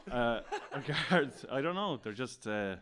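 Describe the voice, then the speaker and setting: An Irish actor guest telling comic stories in a deadpan way. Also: male voice, medium pitch, takes it slowly, clean tone. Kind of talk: casual chat.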